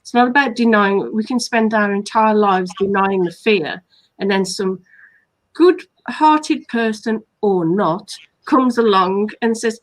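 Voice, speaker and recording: A woman's voice: mid-range voice, measured pace, poor audio. A woman hypnotherapist from England hosting a live online talk, explaining points and listing them earnestly. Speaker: hypnotherapist host.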